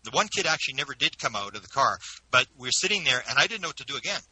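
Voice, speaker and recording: A man who is an interview guest, telling a personal story in an animated way with frequent restarts. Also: medium pitch, racing, breathy edge, poor audio. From Canada.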